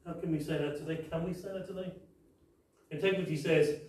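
Echoey preacher in a church hall. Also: male voice, a little high, steady tone, fairly quick, darkish tone, a little hiss or hum. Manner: emphatic, repetitive rhetorical questions. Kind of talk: sermon. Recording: very echoey hall, mic far off.

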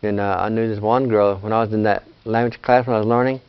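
A man's voice: lowish voice, fairly even intonation, quick pace, clear, resonant tone. An older man teaching a casual language lesson, patient and plain-spoken, often checking in with "you see". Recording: dull lo-fi sound.

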